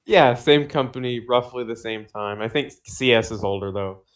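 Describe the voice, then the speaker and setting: A man's voice: medium pitch, normal speed. A man co-hosting a casual podcast, rambling with lots of fillers and swearing, laughing often. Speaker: podcast co-host.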